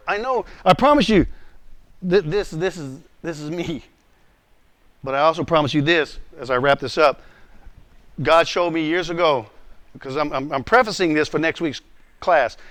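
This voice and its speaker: A man in his role as pastor teaching a class, earnest and animated, often stammering and repeating words. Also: a little high, no echo. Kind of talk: emotional teaching talk. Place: room with a class.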